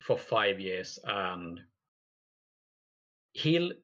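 A man runs a tabletop game with slow, hesitant narration full of fillers. His voice sits low but sounds bright and forward. The recording is dull and lo-fi. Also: very animated. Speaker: game master.

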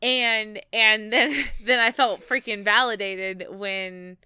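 A woman's voice: mid-range voice, fairly even intonation, takes it slowly, bright, forceful tone, clean tone, dry recording, clean studio sound. A woman in a casual talk about a TV episode, sounding exasperated and swearing freely. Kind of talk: casual TV recap chat.

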